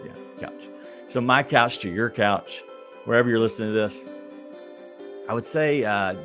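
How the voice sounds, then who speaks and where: A man's voice: on the low side, fairly bright tone. A man hosting a podcast, giving casual sports betting advice in a chatty, hesitant way straight to his listeners. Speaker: podcast host.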